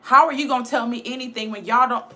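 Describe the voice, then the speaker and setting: A woman's voice: on the high side, fast talker, sharp tone. A woman giving a blunt, emphatic casual livestream rant, repeating her points. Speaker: live streamer.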